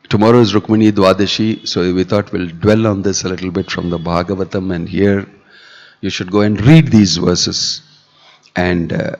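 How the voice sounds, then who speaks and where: A man giving a scripture discourse, telling the story animatedly and acting out the dialogue. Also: lowish voice. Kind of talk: sermon. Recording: dull, echoey hall recording.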